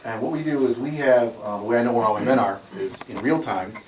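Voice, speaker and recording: This security company owner is a fast talker with a medium-pitched voice, animated and quick to laugh as he tells stories conversationally. A distant mic captures him in a roomy space with faint background noise.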